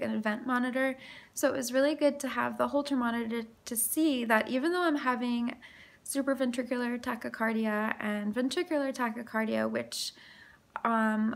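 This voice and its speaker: A young woman filming a casual health vlog, short of breath and talking haltingly with many ums and restarts. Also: fairly high pitch, creaky. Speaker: vlogger.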